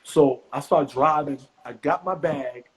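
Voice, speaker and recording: A middle-aged man from the US East Coast, a comedian guest telling profane stories with animated, high-pitched acted quotes. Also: a little slow, breathy edge, low-quality recording. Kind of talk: animated storytelling.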